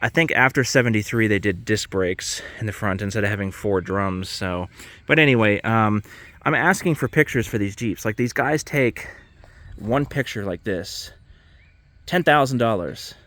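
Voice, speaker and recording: A man's voice: on the low side, moderate pace, fairly bright tone, no room sound. A man ranting casually to camera, exasperated and swearing freely about private car sellers. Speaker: vlogger.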